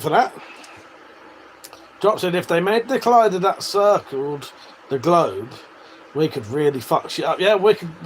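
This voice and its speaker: On a live stream, a man from England in his forties banters with viewers, reading their comments, laughing and swearing. His voice sits on the high side, and the recording carries a little hiss or hum.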